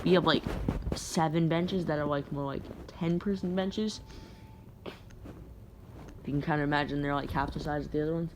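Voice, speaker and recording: Young-sounding woman, low voice, rambly storytime vlogger, faint hiss behind her. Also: normal speed, pauses often, a little mellow. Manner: rambling, filler-heavy slang talk. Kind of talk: casual storytime vlog.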